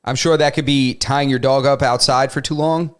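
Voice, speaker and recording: A man's voice: medium pitch, steady tone, moderate pace, clear, resonant tone. A man co-hosting a casual podcast, telling a long story and acting out both sides of the argument. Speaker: podcast co-host. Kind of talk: casual chat.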